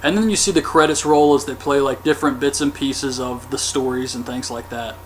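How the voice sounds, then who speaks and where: A man's voice: mid-range voice, fairly even intonation, fairly quick, slight background noise. A man giving a casual, rambling movie recap for his vlog, with frequent "um" and "like". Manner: loose, rambling retelling with "um" and "like". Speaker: movie reviewer.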